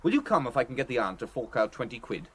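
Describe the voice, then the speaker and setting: A man's voice: medium pitch, big pitch swings, fast, slightly rough, voice pushed up. A man reading an audiobook, voicing a plump, irreverent young man who talks gaily in a theatrical, mock-preaching way. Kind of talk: audiobook character voice.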